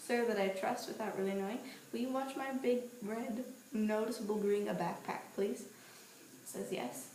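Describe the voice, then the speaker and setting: A young woman in her twenties chats to a handheld camera, telling stories in a lively, playful way. The sound is roomy and echoey. There is a faint hum of ambient noise behind her. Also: mid-range voice, moderate pace. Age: 20s. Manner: chatty, animated, playful storytelling. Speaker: vlogger. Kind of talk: casual vlog monologue. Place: outdoors on a street at night.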